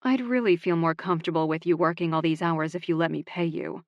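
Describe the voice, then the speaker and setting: A woman narrator voicing a blunt ranch woman, his older sister, who fires sharp, exasperated questions. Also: fairly low pitch, fairly even intonation, brisk, dry recording, muffled recording, lightly acted. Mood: asking.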